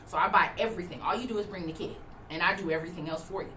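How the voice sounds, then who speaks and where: A woman guest on a casual talk show who runs a party bus business, talking animatedly and slipping into a bright customer-service voice. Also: fairly low pitch, very fast, distant mic. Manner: animated, acts out cheerful customer-service voice in quotes. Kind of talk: casual podcast chat. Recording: echoey room, voice a bit off-mic, faint background noise.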